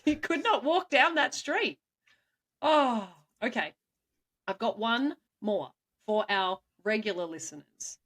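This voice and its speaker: A woman co-hosting a podcast, playfully telling stories with quick asides and frequent laughs. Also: a little high, animated, fairly bright tone. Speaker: co-host, storyteller. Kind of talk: casual chat.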